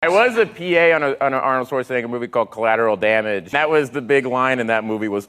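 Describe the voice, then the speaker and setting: A middle-aged man tells animated stories as a talk show guest. His voice is of middle pitch. Steady noise runs under the clip. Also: quick pace, hardly any pauses. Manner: animated anecdotes.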